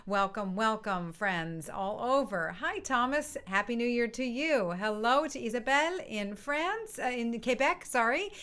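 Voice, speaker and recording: A woman hosts an online music session, giving a casual live-stream welcome as she greets participants one by one and laughs often. Her voice is a little high, smooth and fairly bright, with lively intonation. She talks a little slowly with hardly any pauses, and she's heard through a computer mic on a video stream.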